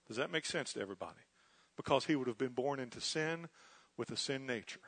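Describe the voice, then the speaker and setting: A man preaching a sermon, earnestly teaching and often checking that his listeners follow, swinging between loud emphasis and quiet asides. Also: medium pitch, animated, quick pace, husky.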